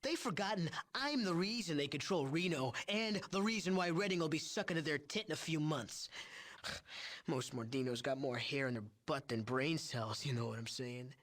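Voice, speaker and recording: A smug young game chemist, full of himself and sneering at everyone around him. The voice sits fairly high for a man, and he shrugs off cruelty in a light, offhand way. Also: animated, normal speed, fairly bright tone. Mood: scornful. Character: young arrogant male drug chemist. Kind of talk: video game voice acting.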